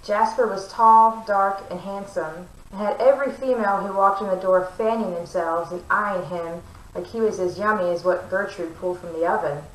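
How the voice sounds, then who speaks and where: A woman's voice: medium pitch, moderate pace, echoey room, recorded from a distance, low-quality recording. Woman reading a novel aloud. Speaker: book reader.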